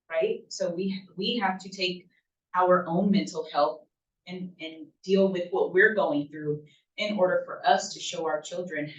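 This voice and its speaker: A woman presenting a talk to a group of parents, speaking conversationally and often checking in with "right?". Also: on the low side. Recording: roomy, distant, dull lo-fi room sound.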